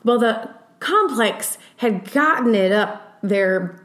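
A woman co-hosting a podcast, telling a personal story in an animated, casual way with lots of fillers. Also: a little high, slow pace, reverberant. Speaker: podcast co-host.

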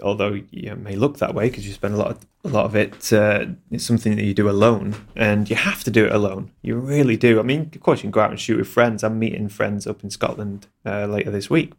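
A man's voice: lowish voice, creaky. A man who works as a landscape photographer and video creator, talking in a casual interview in a hesitant, candid way with many restarts.

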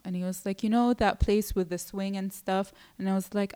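A woman's voice: mid-range voice, a little fast, hardly any pauses, clean tone. Young woman telling a date story. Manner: animated storytelling, quotes others, swears. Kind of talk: casual chat.

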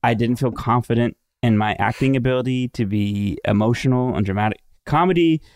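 A man's voice: medium pitch, brisk, darkish tone. A man in his thirties co-hosting a casual podcast chat, telling stories earnestly and acting out what others said. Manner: earnest storytelling, acts out quotes. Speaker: podcast co-host.

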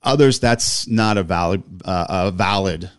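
Earnest low-voiced man talking. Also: a little slow, clear, resonant tone, no room sound. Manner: earnest, thoughtful, dry humor. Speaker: co-host. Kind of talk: casual reflective chat.

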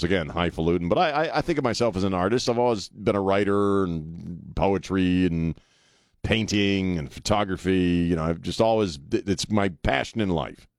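A man's voice: low voice, no echo, clean studio sound. A man hosting a talk radio show, delivering a blunt, sarcastic monologue and laughing often. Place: radio studio. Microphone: studio microphone.

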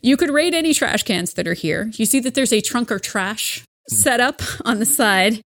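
A woman's voice: a little high, expressive, normal speed, a bit bright, dry recording, studio quality. A woman running a tabletop game as game master, narrating the scene in a playful way and laughing often.

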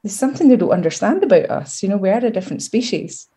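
A fast-talking Scottish woman of middle age, medium in pitch, is being interviewed. She's frank and spirited, telling her tales with humour and a sense of pride.

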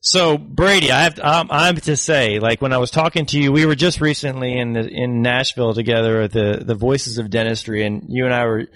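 A man's voice: medium pitch, a little fast, few pauses, fairly bright tone, no room sound. A man in his forties hosting a podcast, talking with an enthusiastic, chatty manner and laughing easily. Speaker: podcast host. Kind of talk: casual interview chat.

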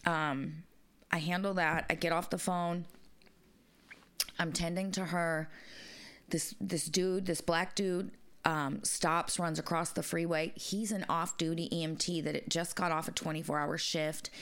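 A woman's voice: fairly low pitch, steady tone, unhurried, a bit bright, smooth. A woman co-hosting a podcast, telling a story in casual chat with plenty of swearing and fillers. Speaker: podcast co-host.

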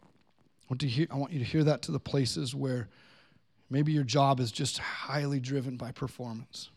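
A man's voice: medium pitch, steady tone, normal speed, a little mellow, husky. A man pastor preaching a sermon in a church, earnest and conversational. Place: church sanctuary.

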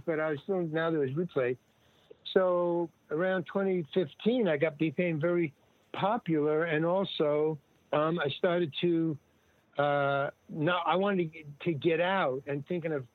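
An older man, an interview guest, telling stories in a rambling, casual way, full of restarts and lively retold dialogue. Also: a little high, dry recording. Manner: rambling, with many restarts and animated retelling of dialogue. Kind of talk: casual storytelling. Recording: dry, tinny phone-like line.

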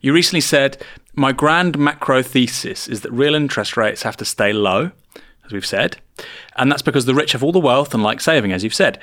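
A male host conducts the interview with calm, probing questions. His voice sits in an ordinary middle register. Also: medium pitch, fairly quick.

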